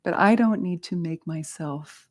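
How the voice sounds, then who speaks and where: Woman dharma teacher, lowish voice, candid and quick to laugh, swears in her stories. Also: a little mellow. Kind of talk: dharma talk with personal stories.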